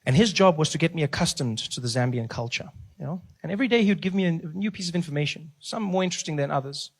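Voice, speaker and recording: A man from South Africa performing stand-up comedy, telling an animated story full of characters. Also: on the high side, quick pace, gravelly, in a large hall.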